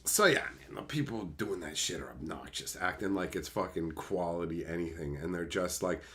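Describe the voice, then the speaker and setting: A man's voice: low-pitched, animated, normal speed, fairly bright tone. A man streaming to his chat, ranting casually and sarcastically with plenty of swearing, and mocking others by putting on their voices. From Canada. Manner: profane, sarcastic, mocks others in put-on voices.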